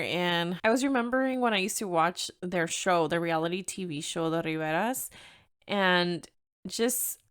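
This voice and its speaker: A woman's voice: lowish voice, fairly bright tone, clear, resonant tone. A young woman with a Mexican-American accent hosting her own podcast, chatting candidly, laughing often and slipping Spanish phrases into her English. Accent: Mexican-American English with Spanish code-switching. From United States, Mexican-American. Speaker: podcast host. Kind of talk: casual solo podcast chat.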